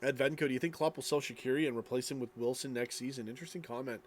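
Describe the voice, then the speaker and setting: A man's voice: mid-range voice, racing, slight background noise. Sleepy rambling man streaming late. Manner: rambling, tired, trailing off. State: sleepy, yawning. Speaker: streamer reading live chat. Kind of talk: late-night casual live stream chat.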